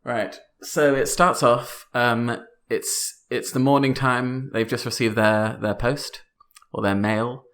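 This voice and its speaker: A man's voice: mid-range voice, fairly even intonation, slow pace, few pauses, fairly bright tone. A man co-hosting a comedy podcast, improvising a story, giggly and hesitant with many ums. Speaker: co-host.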